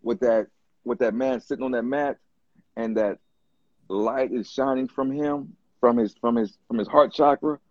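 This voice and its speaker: A man telling stories on a podcast in a loose, animated way, repeating words and acting out what others said. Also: medium pitch, moderate pace, no echo. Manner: animated storyteller, repeats words, acts out quotes. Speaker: podcast guest. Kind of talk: casual storytelling chat. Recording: dull dry close-mic podcast sound.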